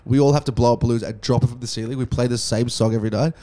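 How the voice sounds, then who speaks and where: A man's voice: mid-range voice, rapid-fire. A young man, telling crude, swear-filled stories in a casual podcast chat. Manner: crude, swearing, animated storyteller. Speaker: podcast co-host.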